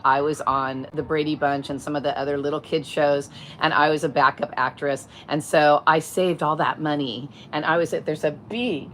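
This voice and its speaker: A middle-aged woman with a fairly low voice talks through real estate on a casual livestream. She explains point by point and breaks off to greet viewers as they arrive. A faint hum of ambience sits behind her. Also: fairly bright tone. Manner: chatty, explains step by step, greets viewers mid-sentence. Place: at home, outdoors or by a window, wind.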